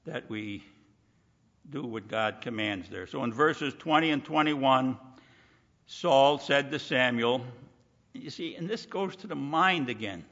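Recorded in a muffled hall full of long reverb, a man with a mid-range, fairly bright voice delivers a forceful sermon. He keeps returning to the phrase "you see" and performs the voices of those he quotes.

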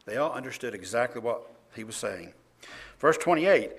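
A man's voice: medium pitch, normal speed, gravelly, husky. A man preaching a sermon, reading scripture aloud with emphasis and chuckling often. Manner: animated, laughs often, reads verses louder.

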